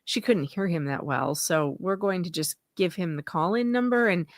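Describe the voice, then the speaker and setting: A woman's voice: on the low side, no room sound, studio quality. A woman co-hosting a live stream, reading a transcript aloud in a playful, casual way. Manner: playful, quick, reads aloud.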